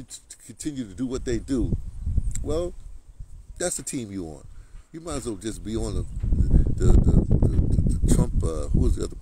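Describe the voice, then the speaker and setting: A man's voice: mid-range voice, noisy background. A man delivering a rambling political rant, repeating words and restarting often. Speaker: political commentator. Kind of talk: ranting monologue.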